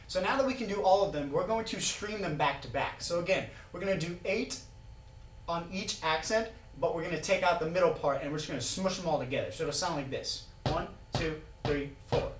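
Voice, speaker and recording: Slightly high and fairly quick, the man's voice comes with a touch of background noise. He casually teaches a drum exercise, calling out the beat counts, captured by a camera mic across a roomy indoor practice room alongside the drumming.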